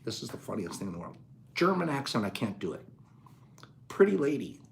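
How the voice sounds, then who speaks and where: A man's voice: lowish voice, very animated, fast talker, vocal fry, a bit bright, a little hiss or hum. A man hosting a casual talk show, telling a funny story in a rambling way and laughing as he goes. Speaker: host.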